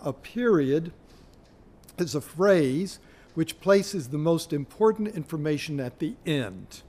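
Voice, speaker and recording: A middle-aged man lecturing on literature at an unhurried pace. His voice sits a little high for a man, and he pauses often as he works through his points. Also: a little mellow. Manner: slow, measured, searching for his place, with pauses. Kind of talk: university lecture.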